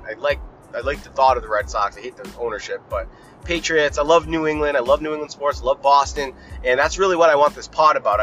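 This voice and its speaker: A man's voice: mid-range voice, pushed and bright, rough recording. A young man hosting a podcast, ranting in a casual, profane, rambling and opinionated way. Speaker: podcast host.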